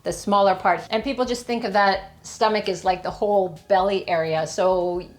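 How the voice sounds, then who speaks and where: A woman fitness coach speaks straight to her viewers at a mid-range pitch. She explains things clearly and step by step, tossing in rhetorical questions as she goes. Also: fairly even intonation, normal speed. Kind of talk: explaining to camera.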